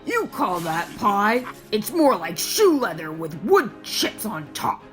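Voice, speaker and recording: A woman playing a gruff, grumbling cartoon bully. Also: medium pitch, big pitch swings, slow pace, soft background music. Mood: scornful. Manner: gruff, complaining, sarcastic. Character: big grumpy male cartoon cat bully.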